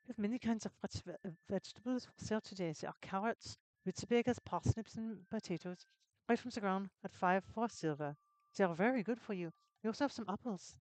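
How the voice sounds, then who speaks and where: A game streamer voicing a young farmer's daughter in a vague put-on foreign accent, earnest and a little halting. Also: mid-range voice, darkish tone, no echo, lightly acted, low-quality recording. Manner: earnest, simple, slightly halting.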